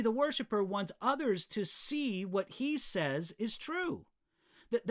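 A man preaching a short devotional in a fairly high voice that swings up and down through each phrase. He is earnest and emphatic. He draws out the words that matter most. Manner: earnest, emphatic, slows down to stress key phrases. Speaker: pastor. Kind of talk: devotional teaching.

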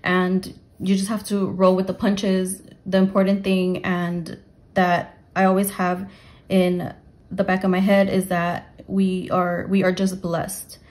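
A young adult woman talking casually to her viewers about her family budget, rambling with fillers, then counting cash aloud in a steady rhythm. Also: on the low side, slow. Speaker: budgeting vlogger. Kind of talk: casual talk to camera while counting cash.

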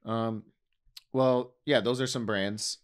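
A man's voice: medium pitch, steady tone, slow pace, smooth. A man co-hosting a casual studio chat, asking teasing, incredulous questions. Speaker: podcast co-host.

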